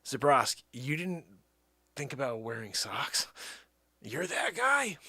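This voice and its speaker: A man hosting his nightly live show, joking around and swinging between loud hype and low mutters. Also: dry recording. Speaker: host. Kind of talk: comedic live-stream banter.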